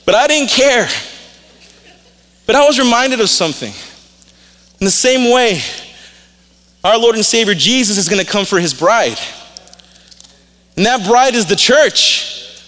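A man's voice: high-pitched, lively intonation, a little slow, pauses often, a bit bright. A male pastor preaching a sermon in a casual, storytelling way, openly emotional. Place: church sanctuary. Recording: reverberant hall.

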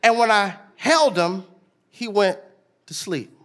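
A man preaching a sermon as pastor in a church before a live congregation, moving from soft storytelling into shouted, half-sung exhortation and leading call-and-response. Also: high voice, animated, takes it slowly.

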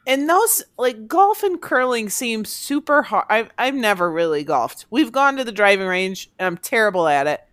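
A woman hosting a casual podcast with her husband, playful and quick to laugh. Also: a little high, no echo, clean studio sound. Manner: playful, giggly, animated. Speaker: podcast host. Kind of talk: casual chat.

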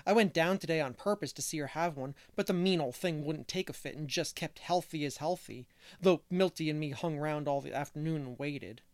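A man's voice: fairly high pitch, fairly quick, dry recording, lightly acted. A man voicing a chatty, cheerful little boy who talks bluntly, in a dry audiobook reading.

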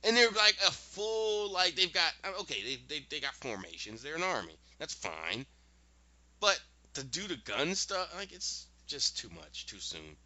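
A man hosting a podcast, recapping an episode in a casual, animated storytelling way with quick asides. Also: a little high, dry recording, highs cut off.

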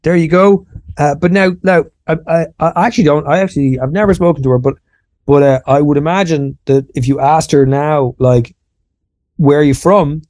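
A man's voice: fairly high pitch, fairly even intonation, brisk, darkish tone, dry recording. An Irish man co-hosting a podcast, talking casually and self-deprecatingly, explaining ideas with lots of restarts. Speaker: podcast co-host.

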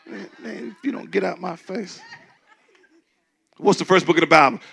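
A man preaching a sermon as pastor, in a loose conversational way, who acts out doubters in a shrill mocking voice. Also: normal speed, vocal fry, pushed and bright, breathy edge. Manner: conversational preaching, mimics skeptics in a high squeal.

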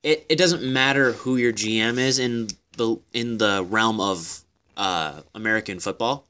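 A man's voice: on the low side, measured pace, bright, forceful tone, clean tone. A young man co-hosting a podcast, trading jokes in casual sports chat. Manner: showy announcer-style opener, then joking banter. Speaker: podcast co-host.

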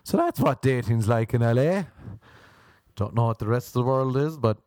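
A man's voice: mid-range voice, expressive, normal speed, a little mellow, no room sound, clean studio sound. A young man doing a stand-up monologue, rambling and mocking, often slipping into silly put-on voices. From Ireland. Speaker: stand-up comedian. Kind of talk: comedic monologue.

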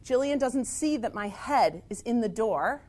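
Lively self-mocking woman storyteller. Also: a little high, measured pace. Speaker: teacher. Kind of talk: personal storytelling.

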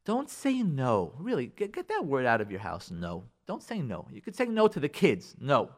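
A rabbi talking on a radio show, giving emphatic marriage advice and acting out what spouses say to each other. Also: male voice, medium pitch, wildly swooping pitch, brisk, hardly any pauses. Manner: emphatic, acts out spouses' lines, uses Hebrew and Yiddish words.

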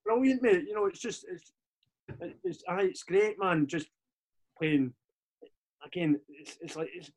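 High-voiced Scottish man in his forties. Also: unhurried, long pauses. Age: 40s. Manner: animated, swears freely, repeats words on restarts. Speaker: podcast guest. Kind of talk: casual storytelling chat.

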